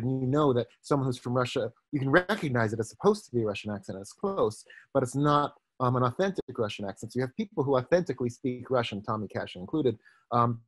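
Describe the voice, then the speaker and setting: A man giving an online lecture as a professor, talking thoughtfully with many pauses and restarts. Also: mid-range voice, no echo. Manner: thoughtful, hesitant, with frequent fillers and restarts. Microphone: video call microphone.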